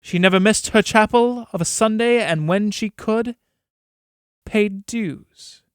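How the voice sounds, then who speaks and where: A man's voice: sits high, slow, smooth, no room sound, clean studio sound, pitched above the performer's own voice. A man reading a scornful soul-merchant. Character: mocking male soul-merchant, scornful and proud.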